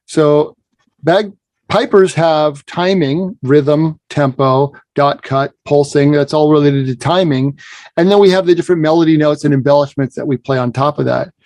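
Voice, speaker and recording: A man's voice: a little high, moderate pace, a little mellow, dry recording. Explanatory man with a dry sound. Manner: explanatory, asks "right?" often. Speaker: piping instructor. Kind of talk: conversational lesson.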